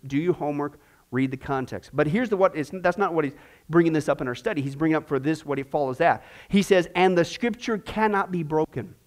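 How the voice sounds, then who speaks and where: A man's voice: a little high, fast talker. A man teaching a Bible class in a chatty way, full of corny asides and rhetorical questions.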